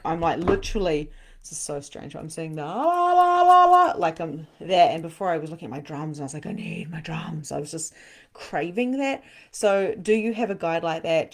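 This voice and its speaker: A middle-aged woman hosting a live spiritual session as a medium, chatting casually, laughing often and breaking into sudden excited bursts. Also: low voice. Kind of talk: casual live-stream channeling.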